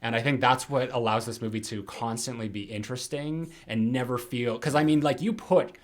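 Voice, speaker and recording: A man's voice: medium pitch, steady tone, brisk. Give me a man with a mid-range voice rambling casually as podcast co-host. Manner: rambling, full of fillers and restarts. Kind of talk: casual film discussion.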